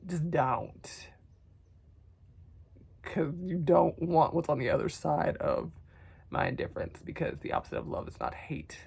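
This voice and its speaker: Low, gravelly-voiced woman, tearful and whispery. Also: big pitch swings, unhurried, pauses often. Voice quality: soft, often whispery. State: teary and losing her voice. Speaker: vlogger. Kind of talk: emotional self-talk to camera.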